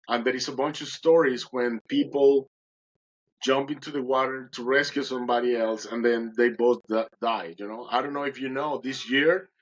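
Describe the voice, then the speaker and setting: A man's voice: medium pitch, steady tone, normal speed, dull audio. A podcast guest, a man, recounting a dramatic personal story in conversation and acting out his own words with animation.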